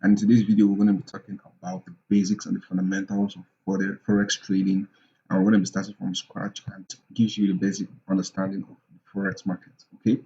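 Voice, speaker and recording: Low-voiced man teaching forex, lo-fi. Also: little pitch movement, fast, warm tone. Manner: asks rhetorical questions and answers them, many ums. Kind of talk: casual screen-share tutorial.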